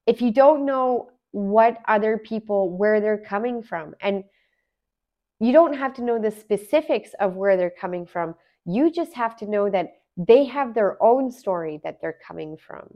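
Woman host, earnest, chatty, mid pitch, slightly dull lo-fi sound. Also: expressive, measured pace. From Alberta, Canada. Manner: earnest, conversational, asks rhetorical questions. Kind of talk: casual reflective monologue.

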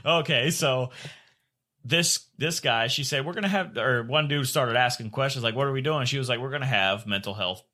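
A man's voice: mid-range voice, moderate pace, bright, forceful tone. A man co-hosting a podcast, telling a crude story in casual chat, swearing and laughing often. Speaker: podcast co-host.

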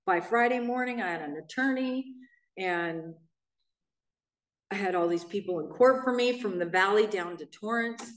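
A woman's voice: mid-range voice, normal speed. Woman telling her recovery story, roomy. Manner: animated, acts out quoted voices, blunt. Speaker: main speaker at a recovery meeting. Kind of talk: personal recovery story told to a meeting. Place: meeting room in a church. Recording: roomy sound, mic at a distance.

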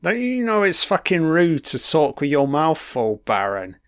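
A man's voice: a little high, big pitch swings, unhurried, fairly bright tone, dry recording, studio quality. A man giving a crude, mocking running commentary on a film, swearing heavily as he reacts.

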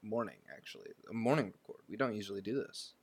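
A man's voice: on the low side, fast talker, slightly rough, no room sound. A man co-hosting a folklore podcast in casual chat, playful, sometimes dropping into a spooky voice. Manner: playful, drops into a spooky intro voice. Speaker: podcast co-host.

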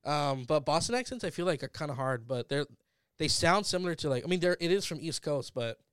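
A man's voice: a little high, expressive, brisk, a bit bright, clear, resonant tone, dry recording, studio quality. A man in casual podcast chat, hesitant and unsure of himself, laughing easily.

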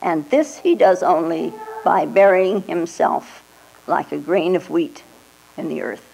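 Older woman, Zen teacher, unhurried dharma talk, gravelly low voice, old tape with mains hum. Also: animated, a little mellow, poor audio. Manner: slow, reflective, with frequent "you know" and "huh?" asides.

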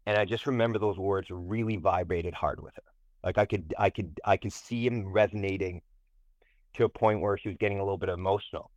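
Low-voiced man telling an emphatic story. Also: fairly even intonation, brisk, no echo. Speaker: guest, tutoring company president. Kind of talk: personal storytelling.

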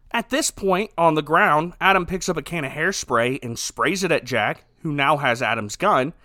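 High-pitched man, lively sarcastic movie recap, bright voice, dry sound. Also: a little slow, pauses often, no room sound. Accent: Ohio. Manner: sarcastic, animated, laughs often. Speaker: podcast host recapping a movie. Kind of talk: comedic movie recap chat.

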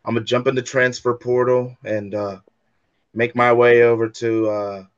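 A man's voice: mid-range voice, little pitch movement, unhurried, clean tone, highs cut off. A young man heading off to college, chatting casually on a sports podcast with a jokey, playfully defensive manner. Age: young adult. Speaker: co-host.

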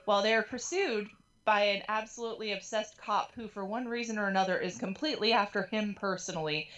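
A woman's voice: medium pitch, a little fast, a bit bright, dull audio. A woman hosting a podcast in casual chat, speaking in long digressive sentences with a wry edge. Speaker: podcast host.

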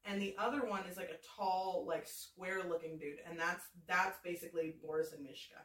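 A woman's voice: lowish voice, steady tone, fairly quick, fairly bright tone, a little hiss or hum. A woman co-hosting a podcast in casual, joking chat, often breaking into giggles. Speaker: podcast co-host. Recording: roomy, distant mic.

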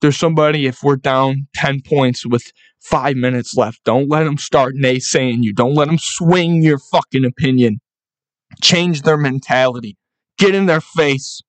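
A young man rallies listeners in a solo sports podcast, fired up and swearing freely. His voice sits at an ordinary pitch for a man. The sound is dry and close, with no room echo. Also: measured pace. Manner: fired-up, profane, rallying. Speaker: podcast host.

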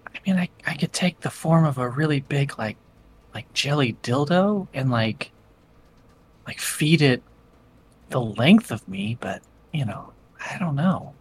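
A player in a tabletop game, talking in an animated, stammering, jokey way. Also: medium pitch, unhurried, a little hiss or hum. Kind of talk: playing a character in a tabletop game.

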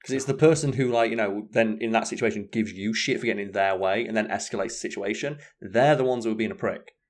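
Blunt, swearing man, low voice. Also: fast. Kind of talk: casual chat.

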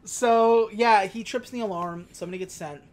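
A podcast co-host in a loose, casual chat, recapping a film scene by scene. The voice sits at a middle pitch, and the host keeps dropping into brief put-on voices for the characters. The delivery is chatty and unscripted. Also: normal speed, a little hiss or hum.

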